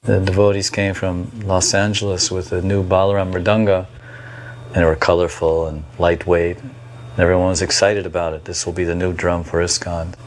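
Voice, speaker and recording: Low, steady male voice, measured reminiscence, light hum in the background. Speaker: devotee recalling memories. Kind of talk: reflective recollection.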